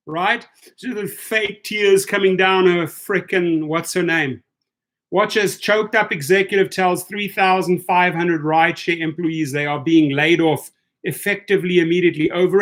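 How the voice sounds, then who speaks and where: A man hosts a live stream with a fairly high speaking voice, reading viewer comments one after another. He talks bluntly and turns indignant, hammering the same point again and again. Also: fairly even intonation, moderate pace, fairly bright tone. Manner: indignant, blunt, repeats himself for emphasis.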